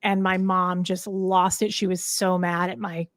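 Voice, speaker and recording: Her voice fairly low and level, a woman in her thirties speaks a little slowly as a podcast guest, candidly rambling through a personal story in a casual interview. Fillers and restarts are frequent, and the recording is dry.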